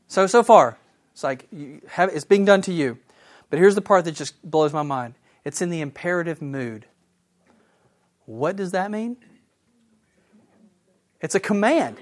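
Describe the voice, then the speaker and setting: Animated man teaching the Bible. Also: high voice, moderate pace, long pauses. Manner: animated and enthusiastic, asks the audience questions. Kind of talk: sermon.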